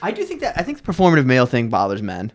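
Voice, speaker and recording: A man with a mid-range voice chats casually on a comedy podcast. He tells his anecdotes in a relaxed, conversational way. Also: medium pitch, very fast.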